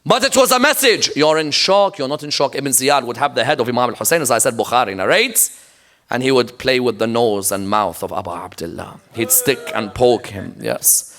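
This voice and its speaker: A man's voice: medium pitch, animated, moderate pace, pushed and bright. A man preaching a sermon in a mosque, telling the story emphatically and checking in with the audience with rhetorical questions. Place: mosque lecture.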